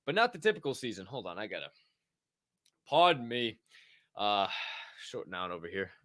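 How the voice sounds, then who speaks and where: A man hosting a casual livestream, excitedly and profanely greeting people in the chat by name. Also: lowish voice, moderate pace, no room sound, studio quality. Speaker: livestream show host.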